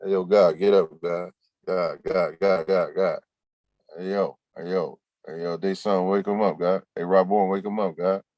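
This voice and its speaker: A man's voice: low-pitched, fairly even intonation, moderate pace, a little mellow, dry recording. A man hosting a livestream, chatting loosely in slang and reading viewers' comments aloud. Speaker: livestream host. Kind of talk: casual livestream chat.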